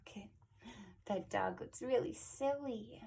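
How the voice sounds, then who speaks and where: A woman reading a picture book aloud to young children, animated and sing-song, sometimes dropping into soft whispers. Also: mid-range voice, slow, slightly rough. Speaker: children's librarian. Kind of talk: storytime read-aloud.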